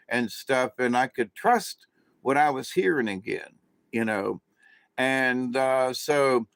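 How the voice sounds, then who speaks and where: A man rambles through a casual monologue, often stopping to restart his sentences. His voice sits at a middle pitch, and the recording is dry and close. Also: dry recording. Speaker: vlogger, self-described channeler.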